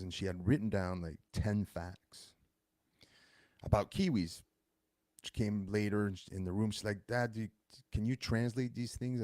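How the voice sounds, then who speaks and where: With a low, mellow voice, a male host in his thirties rambles through a casual monologue, stopping to correct himself as he tells his story. The sound is dry and clean, like a studio recording.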